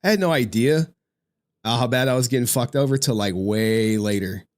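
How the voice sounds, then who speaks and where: A male streamer hosting a casual chat, talking in a profane and animated way and repeating other people's phrases back. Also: medium pitch, moderate pace. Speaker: streamer host.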